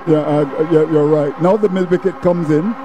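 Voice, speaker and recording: A man giving ball-by-ball cricket commentary in a steady, folksy way, dropping proverbs between deliveries. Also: on the high side, normal speed.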